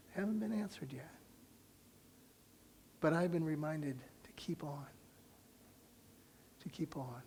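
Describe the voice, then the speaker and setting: A male pastor preaching in a church, telling a personal story with lively acted-out dialogue and soft, hushed asides. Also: a little high, creaky, slight background noise. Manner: animated storyteller who acts out dialogue and drops to a soft near-whisper. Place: church sanctuary.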